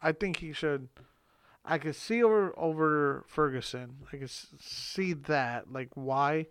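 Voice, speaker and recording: A man with a somewhat high voice joining a casual chat. He asks questions and cuts in with short remarks, and his voice sounds dry and close. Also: unhurried, fairly bright tone, clean tone, no echo.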